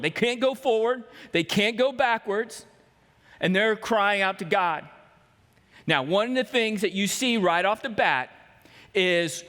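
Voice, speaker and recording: A pastor with a notably high voice delivers a storytelling sermon, slipping into voices for the people he quotes. His words ring out with a long reverb that fills the church hall. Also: fairly bright tone. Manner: storytelling preacher who acts out quoted voices. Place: church sanctuary.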